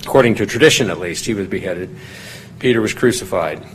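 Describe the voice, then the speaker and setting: Explaining scripture in plain, conversational terms, a man teaching the Bible lifts his voice whenever he reads quoted lines aloud. He speaks fast in a lowish voice, and the low-quality recording has slight background noise.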